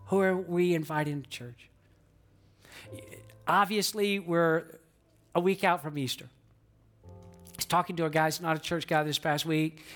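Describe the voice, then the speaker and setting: Earnest preaching man, slightly high voice. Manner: earnest preaching with rhetorical questions. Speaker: pastor. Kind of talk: sermon. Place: church auditorium in a theater.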